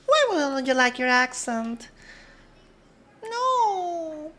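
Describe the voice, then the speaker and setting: A chatty woman streamer with a slightly bright, fairly high voice talks at a measured pace in a casual chat with viewers. She greets them one by one and switches back and forth between English and Spanish.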